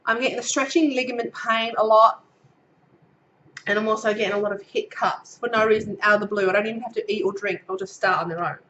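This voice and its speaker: A woman's voice: mid-range voice, fairly even intonation, fast talker, a bit bright, muffled recording, a little hiss or hum. A woman in her thirties with an Australian accent, giving a casual pregnancy update to camera, a little out of breath and getting over a cold, chatty with many ums as she reads her notes. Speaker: vlogger.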